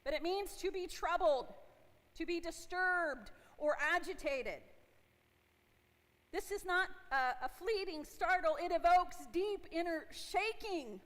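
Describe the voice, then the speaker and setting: Woman pastor, forties, high voice, conversational sermon, long church reverb. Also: a bit bright. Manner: conversational, asks the congregation questions. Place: church sanctuary.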